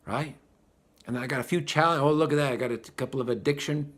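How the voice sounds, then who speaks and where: A man giving a spiritual talk, animated and acting out the voices of the people he describes. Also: medium pitch, fast. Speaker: spiritual teacher.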